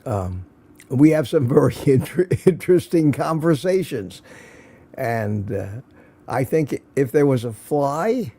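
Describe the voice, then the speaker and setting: A man with a mid-range voice that's dark and slightly rough speaks slowly, his pitch swinging widely. He's running a casual morning livestream from his home studio, chatting, joking, and reading viewer comments while greeting people by name.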